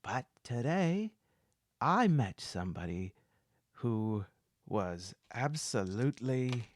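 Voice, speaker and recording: A man's voice: medium pitch, big pitch swings, takes it slowly. A man voicing a chatty, loyal male beggar with a Cockney accent who speaks in sing-song rhymes.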